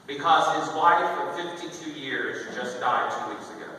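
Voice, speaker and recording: A man, a priest, preaching a sermon and telling a funny story, animated and full of quoted voices. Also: medium pitch, moderate pace, few pauses, slight background noise. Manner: animated, humorous storyteller who quotes people. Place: large church. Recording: echoey church hall from far off.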